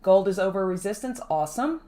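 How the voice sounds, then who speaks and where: Woman host, trading livestream; casual, chatty, greets viewers by name, medium pitch. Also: animated, brisk, warm tone. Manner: explains market moves conversationally. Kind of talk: casual live-stream chat.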